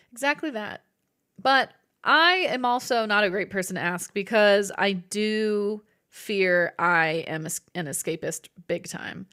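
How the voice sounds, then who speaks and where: A woman's voice: medium pitch, sharp tone. A woman streaming live, chatting with her viewers in a bubbly, chatty way. She giggles often and playfully acts out her own thoughts. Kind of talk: casual live-stream chat, reading viewer messages.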